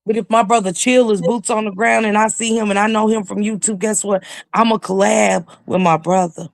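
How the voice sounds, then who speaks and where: A woman's voice: mid-range voice, fairly even intonation, a little fast, vocal fry, no echo, clean studio sound. A woman talking as a YouTube commentator in a casual livestream chat, with emphatic, preachy storytelling.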